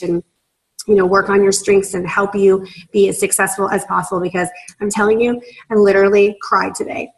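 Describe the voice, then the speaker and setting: The recording quality is low, and the speaker is a young woman with a medium-pitched voice. She leads a team in a sales business and talks on a video call with gushing emotion, many fillers, and tears close at hand.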